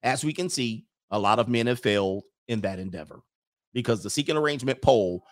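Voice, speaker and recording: A man's voice: medium pitch, animated, fairly quick, slight background noise. Blunt, mocking man ranting casually. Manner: blunt, mocking, argumentative, slangy. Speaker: commentary host reading viewer comments. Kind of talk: opinionated reaction commentary.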